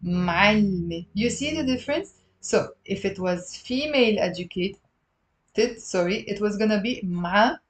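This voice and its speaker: A woman with a Lebanese accent teaching a live online Arabic lesson, patiently repeating words slowly and greeting viewers by name. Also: medium pitch, lively intonation. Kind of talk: live-stream language lesson.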